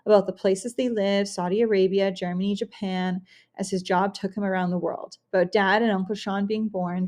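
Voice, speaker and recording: A woman narrating a novel in the first person for an audiobook. Her reading is expressive, at a middle pitch, with the odd restart. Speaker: audiobook reader.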